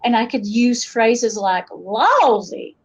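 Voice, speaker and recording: A woman's voice: on the high side, moderate pace. A woman from western North Carolina with an Appalachian accent, a folklorist talking as an interview guest, telling stories with voiced quotes. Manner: storytelling, animated asides with voiced quotes. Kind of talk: casual interview conversation. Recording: dull lo-fi podcast recording.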